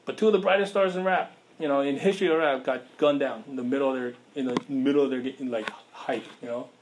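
A man's voice: medium pitch, fairly even intonation, quick pace, slight background noise. A man preaching a sermon in a casual, conversational way, with slang and rhetorical questions to the listeners.

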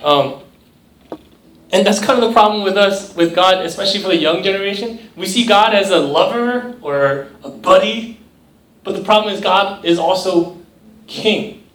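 A man's voice: high-pitched, normal speed, fairly bright tone. A young man preaching a conversational sermon to a youth group, often checking in with "right?" and briefly mimicking other voices. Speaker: youth pastor. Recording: echoey room, mic at a distance.

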